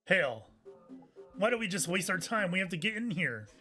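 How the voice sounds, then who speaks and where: A man's voice: high-pitched, big pitch swings, normal speed, bright, forceful tone, faint music behind. A man playing a point-and-click game, reading its dialogue aloud and chatting about what happens. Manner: reads all the characters' lines aloud with little change of voice. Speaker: let's play gamer.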